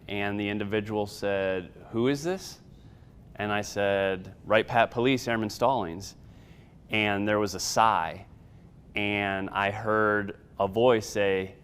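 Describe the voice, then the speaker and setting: A man in his thirties, an Air Force sergeant, giving a personal testimony in a measured storytelling way with occasional fillers. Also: lowish voice, a bit bright, a little hiss or hum.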